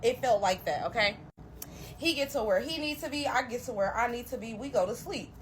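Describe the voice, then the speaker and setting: Young woman doing a storytime, animated and emphatic, kinda high voice, faint hiss behind. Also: fairly quick. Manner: animated, emphatic, addresses listeners directly. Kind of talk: storytime narration.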